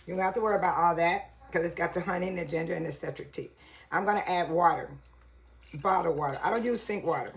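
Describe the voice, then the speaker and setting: A woman's voice: on the low side, fast. A woman chatting to viewers in her home kitchen, casual and laughing often. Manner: chatty, laughs a lot, addresses viewers as y'all. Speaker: vlogger. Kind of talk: casual kitchen vlog talk.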